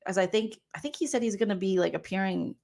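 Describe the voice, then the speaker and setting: A woman's voice: medium pitch, fast talker, creaky, darkish tone. A woman comedian giving sassy, sarcastic reaction commentary, often laughing as she talks. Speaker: comedian vlogger reacting to reality TV.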